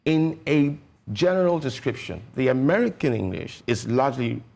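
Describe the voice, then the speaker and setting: A man's voice: medium pitch, big pitch swings, moderate pace, vocal fry, darkish tone. A man with a Nigerian accent, a guest educationist on a studio panel, explaining points with examples in a teacherly way. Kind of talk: panel discussion.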